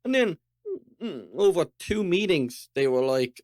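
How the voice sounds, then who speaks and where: An Irish man co-hosting a podcast, talking in an animated, ranting way while chewing toffee. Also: fairly high pitch, unhurried, no echo, clean studio sound. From Ireland. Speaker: podcast co-host. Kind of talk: casual chat.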